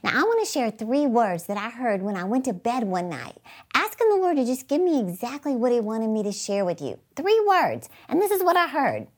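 Woman, fairly high voice, emphatic motivational speaker for a faith-based channel. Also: sing-song, brisk. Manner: upbeat and emphatic, with rhetorical questions to the viewer. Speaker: inspirational speaker and channel host.

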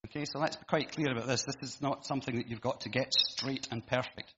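A man's voice: mid-range voice, steady tone, quick pace, sharp tone, husky. A man preaching a sermon and reading scripture aloud, chatty and joking between the readings. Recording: muffled with long hall echo.

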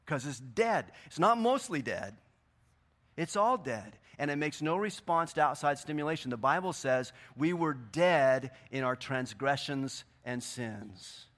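A man preaching a sermon in a church, swinging between loud, emphatic bursts and quieter scripture reading. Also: mid-range voice, lively intonation, a little slow. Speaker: pastor. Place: church sanctuary.

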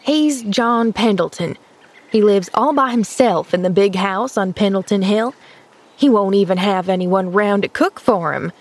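A woman's voice: mid-range voice, unhurried. A woman reading an audiobook, voicing a plain-spoken, gossipy country housemaid who exclaims readily.

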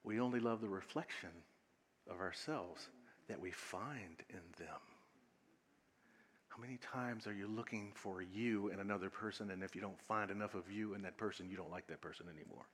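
In his sermon, a male minister shares stories and walks the audience through a short exercise, moving between loud bursts of laughter and hushed near-whispers. His voice is on the low side at normal speed, with big-room sound and a little hiss or hum.

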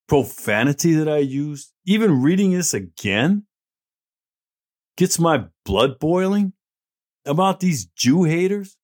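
Middle-aged guy hosting his own commentary show, kinda high-pitched, fired up and sarcastic about the news he's reading. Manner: blunt, indignant, sarcastic. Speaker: host. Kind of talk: opinion commentary.

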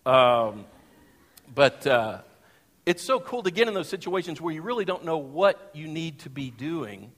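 Animated pastor in a reverberant sanctuary. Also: male voice, on the high side, a little slow. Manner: animated, rhetorical questions to the congregation. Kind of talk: sermon. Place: church sanctuary. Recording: long hall reverb.

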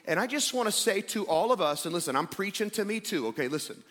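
A man in his thirties preaching a sermon to a church congregation, animated and conversational, acting out quoted voices. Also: high-pitched, fast talker, hardly any pauses. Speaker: pastor. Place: church sanctuary.

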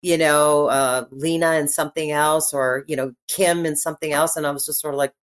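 In a relaxed interview, a middle-aged actress and podcast guest speaks in a low-sitting voice. Her delivery is lively and meandering, with lots of restarted sentences and filled pauses.

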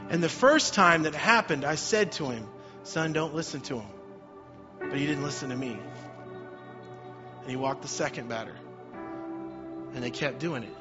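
This middle-aged pastor's sermon alternates between soft storytelling and loud, emphatic preaching, in a higher-leaning voice at normal speed with frequent pauses. Faint background music accompanies a slightly dull-sounding recording.

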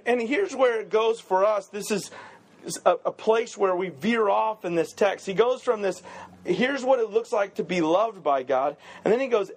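A man pastor giving a casual, joking sermon, full of quick asides and rhetorical "right?" questions. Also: sits high.

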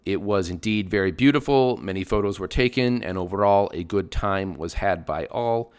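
Man, middle-aged, podcast host, scripted storytelling, dry wry humor, lowish voice. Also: moderate pace, smooth.

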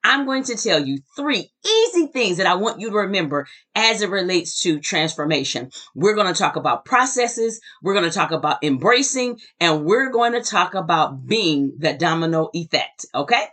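A woman's voice: lowish voice, lively intonation, normal speed, few pauses, fairly bright tone. A woman hosting a motivational podcast as a success coach, enthusiastic and emphatic, often repeating words for effect.

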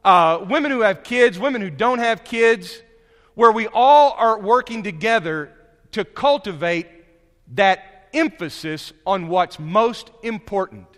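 Bright-voiced preacher in a reverberant hall. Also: male voice, sits high, unhurried. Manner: conversational, animated storytelling, frequent restarts. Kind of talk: sermon.

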